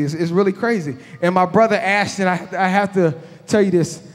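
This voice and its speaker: A man in his thirties doing stand-up comedy, telling stories in an animated, conversational way. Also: high-pitched, normal speed. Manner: animated, conversational, loose Southern-inflected slang. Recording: echoey hall.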